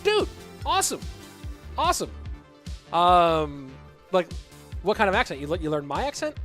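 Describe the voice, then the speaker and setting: A man casting a live esports match, excitable and rambling, with chatty asides to the viewers. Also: a little high, moderate pace, faint music behind. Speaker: esports caster and streamer. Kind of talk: live esports commentary with chat reading.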